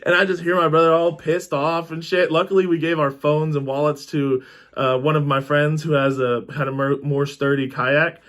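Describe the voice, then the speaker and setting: A young man telling a personal story in a casual, animated way, swearing freely and acting out what people said. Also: on the high side, fairly quick. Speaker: storytelling vlogger.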